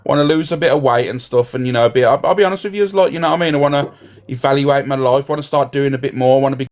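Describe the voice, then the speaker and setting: A man hosting a casual live stream. He talks fast and loosely, repeats himself and swears freely as he chats with friends and viewers. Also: mid-range voice, a little mellow. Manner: rambling, swears often, repeats "you know". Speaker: livestream host.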